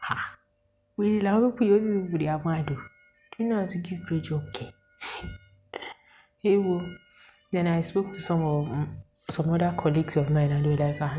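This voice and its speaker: A Nigerian woman in her twenties, telling a story to her viewers in an animated, exasperated way and asking them questions. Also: deep voice, dull audio, a little hiss or hum. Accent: Nigerian English with Pidgin words. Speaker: vlogger. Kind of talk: casual storytelling to camera.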